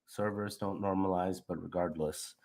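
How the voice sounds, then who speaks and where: A man's voice: deep voice, normal speed, gravelly. Sick, nasal man hosting a crypto livestream. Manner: loopy, relaxed, rambling with restarts. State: sick and nasal, slight cough. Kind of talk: casual livestream chat reading comments.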